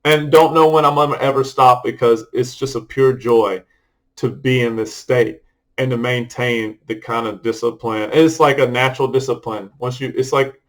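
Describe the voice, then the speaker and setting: A man's voice: medium pitch, steady tone, moderate pace, poor audio. A middle-aged man talking casually to camera in a rambling personal vlog, loose and full of fillers and restarts. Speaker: vlogger.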